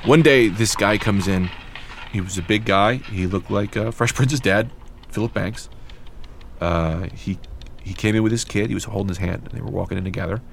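A man telling a personal story aloud, animated and acting out the people in it. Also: on the low side, normal speed, gravelly, slight background noise.

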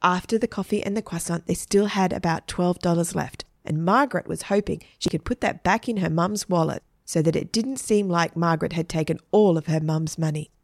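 A woman's voice: fairly low pitch, fairly quick, few pauses, no echo, studio quality. Woman reading a children's story.

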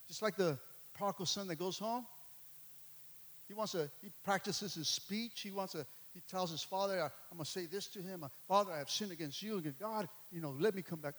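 A man preaching a sermon to his congregation, repeating phrases and building to loud, impassioned peaks. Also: high-pitched, normal speed. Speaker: pastor. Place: church hall. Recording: long reverb of a large hall.

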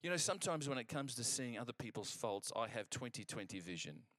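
Male preacher for a sermon, lively storyteller, chatty with restarts, mid-range voice, dry close sound. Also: mid-range voice, brisk, no room sound. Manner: animated storytelling, acting out quoted exchanges; conversational, with frequent restarts.

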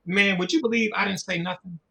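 A middle-aged man in a casual conversation, telling stories in an animated, slangy and profane way and acting out other people's voices. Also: high-pitched, brisk, vocal fry.

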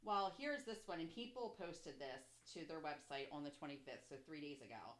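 A woman chatting casually as a co-host, her pitch swinging up and down as she goes. She swears freely and leans on "like" and "you know what I mean". The room around her is audibly echoey. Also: normal speed. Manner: profane, frequent "like", animated gossipy delivery. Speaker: podcast co-host. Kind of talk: casual chat.

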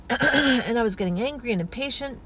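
A woman hosting a spiritual podcast, talking in a gentle, flowing, earnest way with many soft asides. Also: fairly high pitch, animated, normal speed, heavy background noise. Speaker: podcast host.

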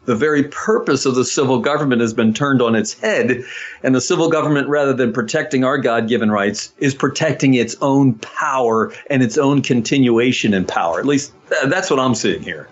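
A man's voice: mid-range voice, normal speed, lo-fi sound. A man, a pastor hosting a political panel discussion, talking earnestly with frequent hesitations and fillers. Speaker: pastor and host.

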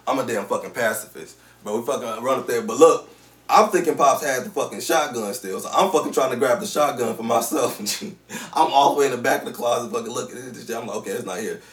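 A man co-hosting a podcast, telling a long story in a casual, slangy, animated way with lots of swearing. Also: medium pitch, quick pace. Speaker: podcast co-host. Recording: roomy, distant mic.

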